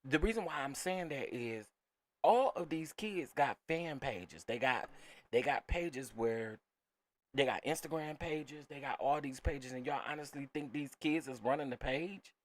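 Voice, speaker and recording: A man's voice: medium pitch, measured pace. A man hosting a casual reaction commentary, talking emphatically to his viewers and repeating phrases. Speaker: commentary channel host.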